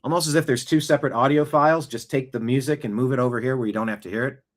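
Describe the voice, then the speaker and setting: A man's voice: medium pitch, steady tone, rapid-fire. Guy hosting his own show, riffing on the news, loose and rambling, lots of asides. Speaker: show host. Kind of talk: casual political commentary. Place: home studio, seated.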